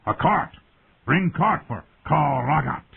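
A man's voice: a little high, lively intonation, takes it slowly, gravelly, breathy edge, voice pushed up, exaggerated voice. A man voicing a mighty, scornful warlord chieftain who speaks in clipped, broken phrases. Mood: mocking shout. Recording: tinny phone-like audio.

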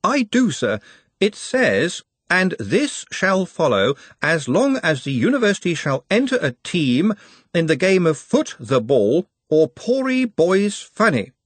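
A man's voice: high voice, sing-song, unhurried, husky, dry recording, voice pushed up, exaggerated voice. A man doing Ponder, a fussy, anxious young wizard. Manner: precise, hesitant, apologetic.

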